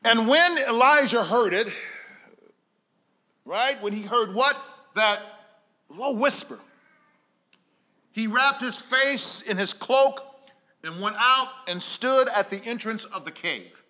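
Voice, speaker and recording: High, bright-voiced preaching man. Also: slow, long pauses. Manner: storytelling preacher, swings from hushed to emphatic. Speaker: pastor. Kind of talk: sermon.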